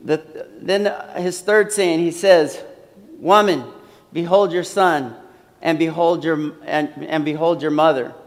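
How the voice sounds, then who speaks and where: High-voiced preacher in a reverberant hall. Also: male voice, fairly even intonation, takes it slowly. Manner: earnest, repeats phrases, frequent fillers. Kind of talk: sermon.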